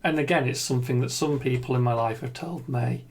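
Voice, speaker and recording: In an unscripted, reflective video monologue, a gaming creator speaks at a moderate pace with a medium pitch and few pauses. His manner is earnest and self-deprecating, though he hesitates with many ums and restarts.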